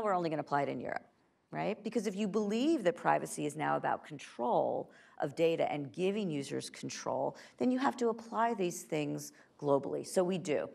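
A woman speaking as a guest onstage at a conference, lively and laughing, acting out quoted voices between frequent fillers. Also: low voice, vocal fry. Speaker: guest speaker, tech company privacy chief. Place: stage at a tech conference.

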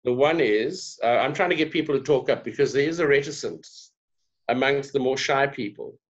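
A South African man telling stories in a podcast interview, voice sitting at a middle pitch. He slips into little voices to act out the people in his anecdotes. The recording is somewhat dull and lo-fi. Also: moderate pace. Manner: animated, acts out dialogue in voices. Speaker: guest, diversity trainer. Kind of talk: conversational storytelling.

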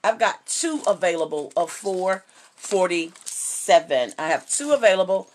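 A woman's voice: on the low side, very animated, a little slow, slight background noise. Woman, middle-aged, bubbly, chatty, live-stream jewelry seller. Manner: bubbly and chatty, greets viewers by name. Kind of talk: casual live-stream selling.

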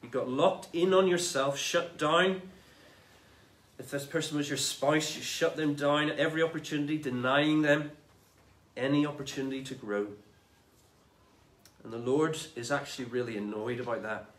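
A man preaching a sermon in a conversational, animated way, retelling scripture in everyday speech. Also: fairly high pitch, moderate pace, echoey room. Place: church.

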